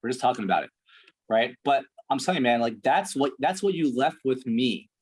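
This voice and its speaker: A performance coach runs a blunt one-on-one session with a client, speaking a little fast in a husky, medium-pitched voice. He's direct and profane and keeps checking in with "right?" over and over.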